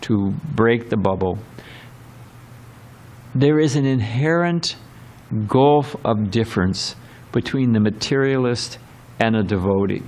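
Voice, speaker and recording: A man speaks slowly in a mid-range, slightly mellow voice, with frequent pauses, during a scripture class in a temple hall. The temple sermon lecture is rambling and chatty, filled with fillers, asides and quoted voices he acts out.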